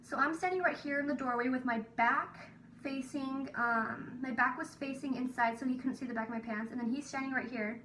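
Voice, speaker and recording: A young woman with a high voice tells an embarrassing story in a chatty, tumbling way. She sits a little back from the mic in a roomy space, with faint hiss behind her. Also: fairly quick, far from the mic. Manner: animated, breathless storytelling with many "like" fillers. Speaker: vlogger. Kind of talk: storytelling vlog.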